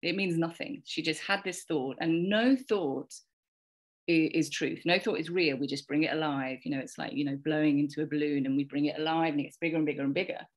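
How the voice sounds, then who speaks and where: Speaking a little fast in a low voice, a podcast guest from England shares a parenting story. She's in her forties, and her casual, heartfelt telling rambles, with repeated words and quotes from herself and others.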